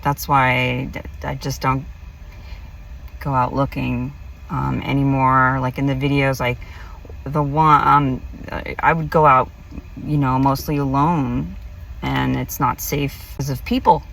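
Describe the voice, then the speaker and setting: A woman's voice: a bass voice, level tone, unhurried, vocal fry, a bit bright, recorded from a distance, slight background noise, rough recording. A woman vlogger casually telling a personal story, rambling with many fillers and restarts. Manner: rambling, filler-heavy, self-interrupting.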